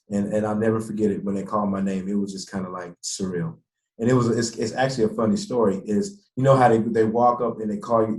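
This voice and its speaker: A man, a former pro football player, telling animated stories in an interview and acting out the people he quotes. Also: on the low side. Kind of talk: interview storytelling. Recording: echoey room.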